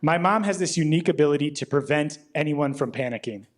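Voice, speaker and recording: A young man doing a stand-up comedy set in a club, telling stories deadpan and acting out the other people with quick voice shifts. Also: a little high. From Rockford, Illinois. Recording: live club recording with audience noise. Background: audience laughter.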